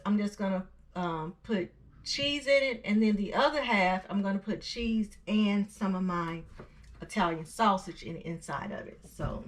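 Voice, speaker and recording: Chatty woman cooking at home. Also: mid-range voice. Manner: homey, chatty, many fillers and restarts. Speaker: cooking channel host. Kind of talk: casual home cooking tutorial. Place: home kitchen.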